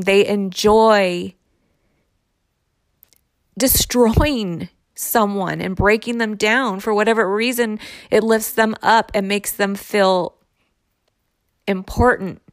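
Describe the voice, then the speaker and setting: Slow, unhurried woman telling a story. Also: medium pitch, no echo. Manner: unhurried, reflective, heavy use of "like". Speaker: storyteller sharing her own experience. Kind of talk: casual personal storytelling.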